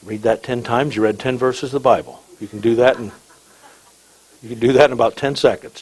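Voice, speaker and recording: Pastor guy preaching, kinda husky voice, slows way down on the bible verses, jokes in between. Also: mid-range voice, rough recording. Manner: reads scripture aloud with slow emphasis, asides and light humor. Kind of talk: sermon.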